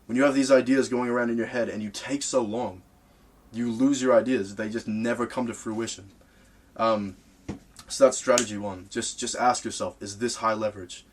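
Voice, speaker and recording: A young man who makes music, giving blunt, profane advice to the camera in an animated rant from his small home studio. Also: medium pitch, normal speed, slight background noise. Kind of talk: casual ranting advice to camera.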